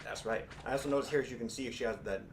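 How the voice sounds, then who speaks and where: A man co-hosting a game update livestream, briskly walking through a character's skills in a playful in-character way. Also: medium pitch, noisy background. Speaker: livestream co-host. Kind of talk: scripted in-character livestream presenting.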